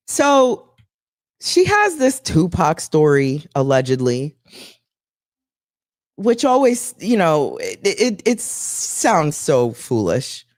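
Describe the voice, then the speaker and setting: A woman hosting a casual talk show, telling a gossipy story in an animated way and acting out what others said. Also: on the low side, no echo, clean studio sound. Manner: animated, gossipy, acts out quotes. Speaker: show host.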